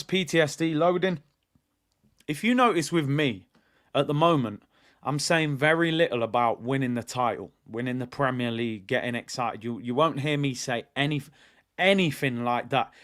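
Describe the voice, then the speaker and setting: A man's voice: medium pitch, a bit bright. A man hosting a live football fan watch-along, chatting in an opinionated way with lots of fillers and repeats while reading out viewer comments. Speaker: football fan channel host.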